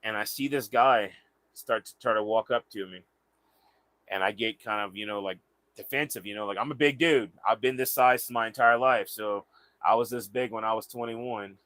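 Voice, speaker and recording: A man's voice: on the low side, moderate pace, fairly bright tone, no room sound. A young man from the American South telling a casual, rambling story, often repeating words as he goes. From Southern United States. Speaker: vlogger.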